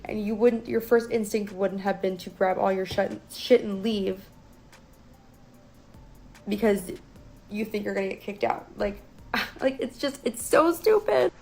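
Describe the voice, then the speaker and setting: A young woman telling a personal story as a guest in a casual, profane, animated way. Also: medium pitch, measured pace, soft background music, rough recording.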